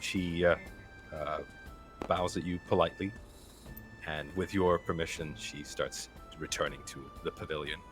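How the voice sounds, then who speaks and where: Deep-voiced man running a tabletop game. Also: steady tone, measured pace, over music. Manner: casual narration with hesitant fillers. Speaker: game master.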